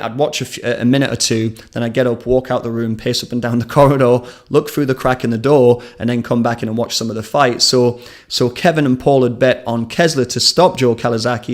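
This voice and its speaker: A man hosting a live combat sports stream, talking in a chatty, rambling way and telling anecdotes in a studio. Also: medium pitch.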